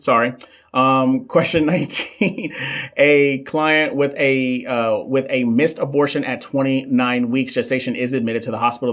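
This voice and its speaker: A man, running a casual live-stream teaching session for nursing students and reading shout-outs from the chat. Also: medium pitch. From United States. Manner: chatty, reads chat shout-outs, stumbles over long terms. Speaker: nurse coach hosting a live question session. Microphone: desk microphone.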